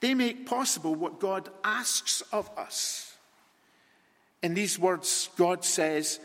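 A man preaching a sermon in a church, deliberate and repetitive, with long rhetorical pauses. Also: high voice, lively intonation, fairly bright tone. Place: church sanctuary. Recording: long reverb in a large hall.

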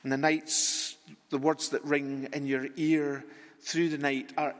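A man preaching a sermon in a church, deliberate and repetitive, with long rhetorical pauses. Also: fairly high pitch, level tone. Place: church sanctuary. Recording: long reverb in a large hall.

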